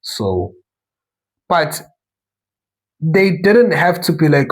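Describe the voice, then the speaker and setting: A man's voice: fairly high pitch, sing-song, drawn-out words, pauses often, poor audio. A young man from South Africa hosting a talk show, talking casually in a rambling monologue full of asides and self-corrections.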